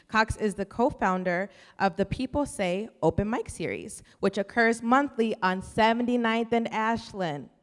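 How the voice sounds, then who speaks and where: A woman from Chicago's South Side hosting a stage event with playful, joking banter. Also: a little high. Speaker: event host. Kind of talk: casual emcee banter. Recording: reverberant library hall.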